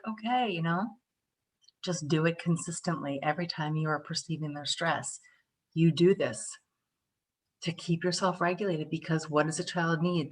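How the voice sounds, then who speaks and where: Teaching tapping live over the internet, a woman with a low-pitched voice from the Northeastern US keeps things chatty and spirited. She brings her explanations to life by acting out short scenes.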